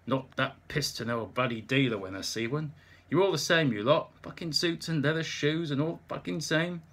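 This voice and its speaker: A man's voice: lowish voice, animated, normal speed, bright, forceful tone, slightly rough, full character voice. A man voicing a drunk, surly, swearing sculptor, in a blunt, slurred way. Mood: belligerent.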